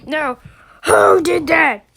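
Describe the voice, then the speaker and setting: A woman voicing a furious, foul-mouthed schoolteacher who yells and threatens her class. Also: high voice, a little slow, a crowd in the background. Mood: raging. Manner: yelling, swearing, threatening.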